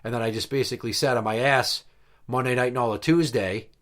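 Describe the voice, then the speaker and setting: A man's voice: mid-range voice, fast talker. A man co-hosting a podcast, telling a story in casual chat with lots of swearing. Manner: profane, animated storyteller. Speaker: podcast co-host.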